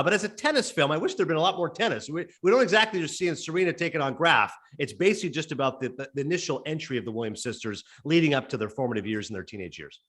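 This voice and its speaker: Fast-talking man telling stories. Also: mid-range voice. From Canada. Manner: quick, lively anecdote-teller acting out dialogue. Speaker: guest sportscaster. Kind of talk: animated storytelling in a podcast interview.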